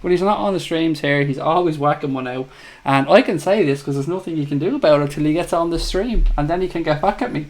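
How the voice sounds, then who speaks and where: A man's voice: a little high, fast. A man with an Irish accent hosting a live fan chat show, reading out viewer comments and bantering in a chatty, teasing way. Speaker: livestream host.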